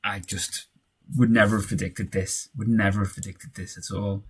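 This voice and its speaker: A young man loosely commentates on his football management game, celebrating goals with shouts and muttering when the tension rises. He speaks at a moderate pace in a husky, steady, lowish voice.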